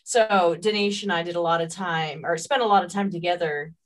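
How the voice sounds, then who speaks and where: A woman co-hosting a casual podcast with a smooth radio-like voice, friendly and upbeat, on a headset over a video call. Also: lowish voice, a little fast. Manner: friendly, upbeat, thanking listeners. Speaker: podcast co-host.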